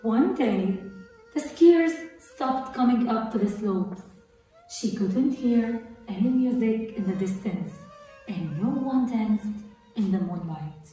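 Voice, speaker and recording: A teacher reading a children's story aloud slowly and softly. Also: female voice, fairly high pitch, animated. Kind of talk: storybook narration. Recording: echoey room, far from mic, faint music.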